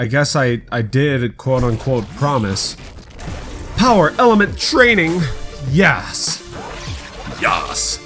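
A man doing excitable let's play commentary, rambling and swearing often. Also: mid-range voice. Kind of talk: gameplay commentary.

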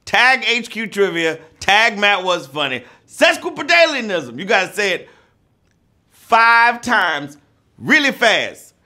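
A man hosting a live trivia game show, playful and joking, with loud whoops. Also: high-pitched, animated, slow pace.

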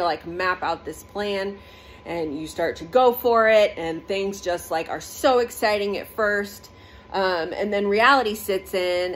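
A woman of middle pitch shares a loose, chatty faith-themed monologue, full of fillers and restarts. She speaks into a phone in her home bathroom, with a faint hiss underneath. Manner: rambling, conversational, frequent fillers. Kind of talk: casual faith vlog monologue.

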